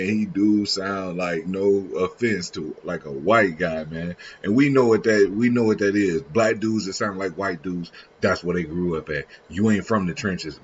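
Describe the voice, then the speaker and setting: A man's voice: low-pitched, highs cut off, slight background noise. A man casually reacting on a live stream, rambling in slang with frequent restarts. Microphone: streaming setup.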